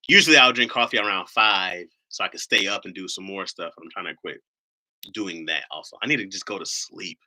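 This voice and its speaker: A man's voice: sits low, fairly quick, pushed and bright. A man from Ohio hosting a live stream, rambling in casual chat, joking and swearing freely.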